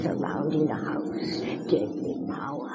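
A woman playing a cryptic, teasing old witch in a radio drama, speaking slowly with a sing-song, swooping voice. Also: low voice. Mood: menacing. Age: older. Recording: muffled lo-fi recording with noise.

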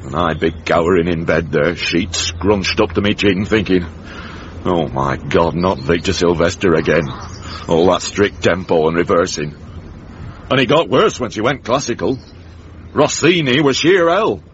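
A man's voice: low-pitched, measured pace. A wry, grumbling old uncle from the north of England in a radio comedy. His Northern English accent carries a mock-pompous swagger. The sound is muffled like an old radio broadcast, with a faint hiss behind it. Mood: reminiscing. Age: older. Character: grumpy old northern uncle, beer-loving.

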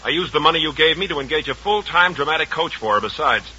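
An actor playing a calm, confident male playwright in old-time radio acting, coaxing and persuasive. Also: on the high side, quick pace, breathy edge, full character voice. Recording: dull lo-fi old radio recording.

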